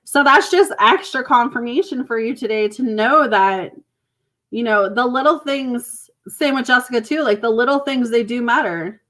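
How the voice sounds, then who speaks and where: Bright-voiced Canadian woman tarot reader. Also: a little high, moderate pace. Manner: chatty, reassuring, laughs often. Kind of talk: live-stream tarot reading and chat.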